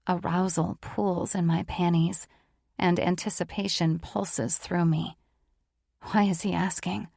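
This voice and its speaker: Woman narrator, first-person romance audiobook, somewhat low voice, gravelly, dry close mic. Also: little pitch movement, takes it slowly, darkish tone, no echo. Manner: intimate, emotive first-person reading.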